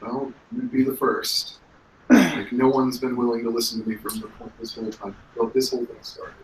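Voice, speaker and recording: A man voicing a wary female prisoner who is a psychologist, answering in halting, unsure replies. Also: medium pitch, flat delivery, a little hiss or hum, close to an everyday voice. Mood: hesitant. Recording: roomy, distant mic.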